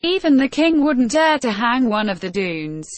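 A woman's voice: fairly high pitch, big pitch swings, moderate pace, dry recording. A woman reading the lines of a curt, evasive male servant in a storybook. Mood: stern.

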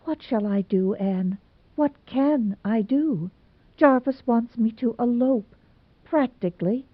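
A woman's voice: a little high, expressive, slow pace, no echo, pitched above the performer's own voice. A woman voicing Dovey, a timid pleading girl. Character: timid young woman torn between father and suitor. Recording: tinny phone-like sound, dry.

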